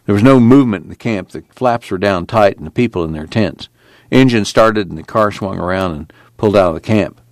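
A man reads a novel aloud calmly. His voice sits fairly low, and the recording is dry and close. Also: fairly quick, dry recording. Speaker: audiobook narrator. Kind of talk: scripted narration.

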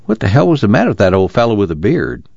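In this audiobook reading, a man plays a tough young man who answers in short, clipped rural speech. The voice is deep, and it sits in a dull, dry recording. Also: wildly swooping pitch, fast talker, vocal fry, a little mellow, dry recording, exaggerated voice. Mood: curious. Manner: low, clipped rural dialect.

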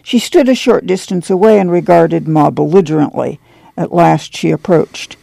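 A man narrating a novel in a measured, even storytelling manner. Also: on the high side, creaky, dry recording. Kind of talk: audiobook narration.

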